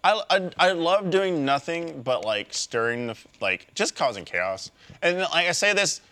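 A man co-hosting a casual group chat podcast, telling animated stories and swooping into high squeaky voices when quoting people. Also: a little slow. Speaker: podcast co-host.

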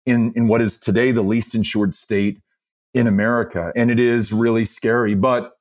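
A man's voice: medium pitch, level tone, a little mellow. A man from Texas, a political candidate, telling stories as an interview guest in an earnest, impassioned way. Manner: earnest storytelling, measured and impassioned. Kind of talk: conversational interview.

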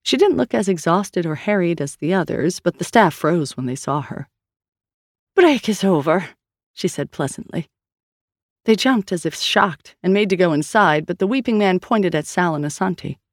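Audiobook narrator, woman, steady even read; dry close mic. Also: lowish voice, normal speed, hardly any pauses, no room sound. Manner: steady storytelling reading. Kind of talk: scripted narration.

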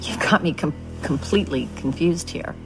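Flustered defensive woman, low voice, film drama, faint music behind. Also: normal speed. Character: cornered woman denying guilt to her sister.

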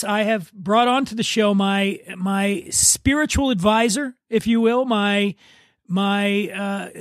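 Host, man, high voice, animated self-mocking storyteller, dry close sound. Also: dry recording. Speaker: podcast host. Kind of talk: casual podcast chat.

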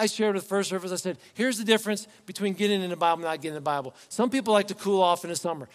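A fairly high-voiced man preaching to his congregation in an easy, conversational manner. He keeps throwing rhetorical questions at the room. His voice rings with the long reverb of a church hall. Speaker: pastor. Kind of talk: sermon. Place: church sanctuary.

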